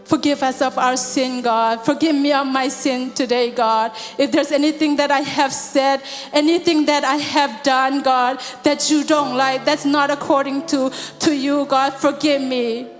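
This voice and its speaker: A woman with a high voice leads a church service in fervent prayer, ending almost every phrase with God and sometimes rising into song. Her voice rings through a large hall with a long reverb, while soft music plays behind her. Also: fairly even intonation, a little slow, hardly any pauses. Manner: repeats God after each phrase, swells into singing. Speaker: prayer leader.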